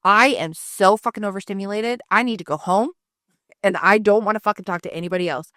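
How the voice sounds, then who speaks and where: Clean studio sound without any room echo carries a woman's medium-pitched, slightly bright voice that moves a little fast. She's a podcast co-host who swears freely and wanders through everyday stories in relaxed conversation.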